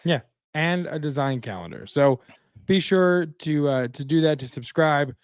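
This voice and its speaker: A man's voice: a little high, expressive, a little slow, clean tone, no echo, clean studio sound. A man co-hosting a casual podcast, wrapping up with plugs and dad jokes. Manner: jokey, tells dad jokes. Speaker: podcast co-host.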